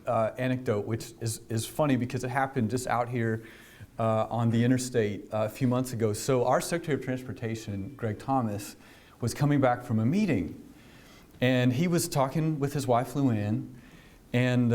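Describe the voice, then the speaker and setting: A government official speaking to a business audience, telling a story in a conversational way, with many fillers and restarts. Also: male voice, medium pitch, darkish tone. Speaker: government official giving a speech.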